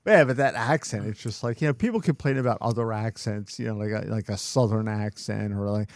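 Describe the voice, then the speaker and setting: A man's voice: lowish voice, fairly quick, dry recording, clean studio sound. A man with a Philadelphia accent co-hosting a casual podcast, joking and laughing often and mimicking accents. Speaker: podcast co-host. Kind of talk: casual chat.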